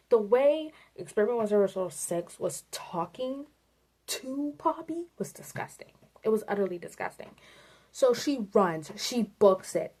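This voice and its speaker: A woman giving a casual, animated rant about a video game to her viewers, swearing and addressing them directly. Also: mid-range voice. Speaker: video creator.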